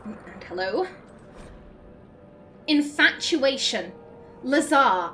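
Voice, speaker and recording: Woman streamer, slightly high voice, dramatic readings between chatty asides. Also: slight background noise. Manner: expressive, quickly emotional, laughs and swears. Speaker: gaming streamer. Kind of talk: reading in-game texts aloud between casual commentary.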